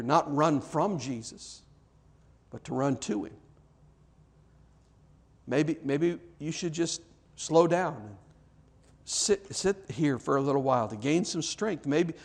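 A man preaching a sermon in a church, earnest, often repeating words and dropping to soft, emphatic lines. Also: a little high. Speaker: pastor.

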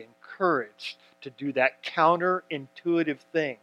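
Earnest preacher man, slightly high voice. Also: measured pace, a bit bright. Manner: earnest preaching with frequent restarts and emphatic readings. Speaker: pastor. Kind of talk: sermon.

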